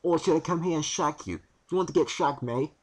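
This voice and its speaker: A man's voice: on the high side, fast talker, a little mellow, a little hiss or hum, voice pushed up, close to an everyday voice. A young man voicing a rude, short-tempered male customer with a put-on British accent, barking demands and insults. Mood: furious.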